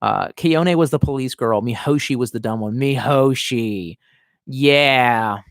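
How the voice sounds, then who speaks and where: A man's voice: mid-range voice, a little slow, vocal fry, smooth, no echo, studio quality. A man in his thirties chatting casually on a live stream, reading viewer comments and rambling with lots of swearing and self-mockery. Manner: profane, rambling, self-mocking.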